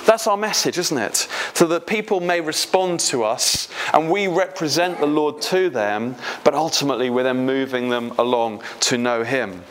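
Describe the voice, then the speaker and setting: A man preaching a sermon in a conversational, gently humorous way, putting questions straight to his congregation. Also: fairly high pitch, moderate pace, hardly any pauses, slight background noise. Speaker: pastor.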